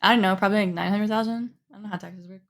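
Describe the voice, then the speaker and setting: A woman's voice: medium pitch, very fast, a little hiss or hum. Chatty young woman, podcast co-host. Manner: chatty, animated storytelling with quoted asides. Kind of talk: casual chat.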